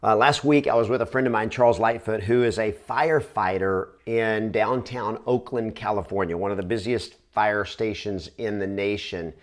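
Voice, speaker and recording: A man working as a real estate trainer, telling a motivational story to camera in an earnest, conversational way with quick restarts. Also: lowish voice, fairly even intonation.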